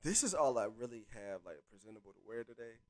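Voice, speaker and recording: A young man hosting a casual live stream, chatty and reading articles aloud with offhand asides, his loudness rising and dropping to mumbles. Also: medium pitch, big pitch swings, fast talker.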